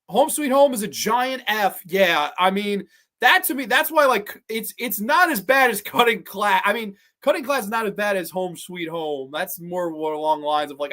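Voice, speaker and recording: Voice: mid-range voice, a bit bright. Blunt, profane horror podcast host. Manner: rambling, with frequent restarts and trailing asides. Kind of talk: casual livestream chat reacting to viewers.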